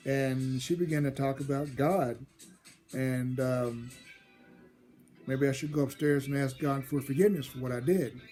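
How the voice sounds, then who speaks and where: A man's voice: mid-range voice, steady tone, measured pace, dark tone, faint music behind. A man telling a personal story from his childhood, rambling and often repeating and restarting his phrases. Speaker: storyteller host.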